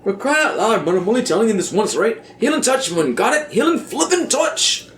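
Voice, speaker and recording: A man's voice: high-pitched, big pitch swings, brisk, fairly bright tone, reverberant, a little hiss or hum. A man voicing a small male fairy sidekick from a game, lilting, slangy and bossy.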